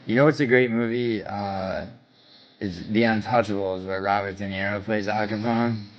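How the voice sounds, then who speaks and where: A man's voice: on the low side, steady tone, moderate pace, muffled recording, a little hiss or hum. A man hosting a livestream in casual chat with his viewers, brash and profane, trash-talking and bragging. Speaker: livestream host.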